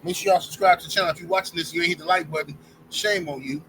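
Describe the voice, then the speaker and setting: A man's voice: fairly high pitch, fairly even intonation, rapid-fire, fairly bright tone, a little hiss or hum, low-quality recording. A man giving an opinionated sports rant to his channel's viewers, heated and talking straight at them. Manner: heated, addresses viewers directly as y'all. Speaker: sports commentary YouTuber.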